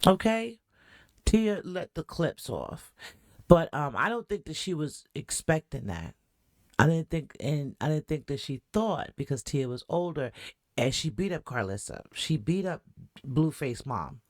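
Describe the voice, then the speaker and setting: Casting: woman podcast host, talkative and animated, close dry mic. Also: deep voice, measured pace, no echo. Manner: chatty, animated, asks the audience questions. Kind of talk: reaction commentary.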